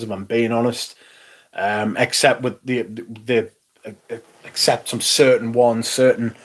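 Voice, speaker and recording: A man from northeast England with a Northumbrian accent, chatting casually and bluntly on a livestream, swearing freely and answering chat. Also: mid-range voice. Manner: profane, blunt, reading chat aloud. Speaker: livestream host.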